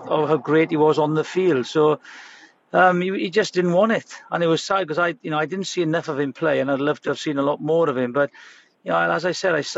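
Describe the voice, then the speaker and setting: A man speaking as a guest in casual chat, halting and repeating himself with many fillers. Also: a little high, vocal fry. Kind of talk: casual chat over a phone line. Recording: dull lo-fi remote line with faint noise.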